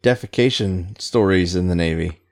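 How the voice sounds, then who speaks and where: A man's voice: deep voice, normal speed, a little mellow. A middle-aged man, a Navy veteran, telling rambling stories in casual chat, swearing freely and laughing along.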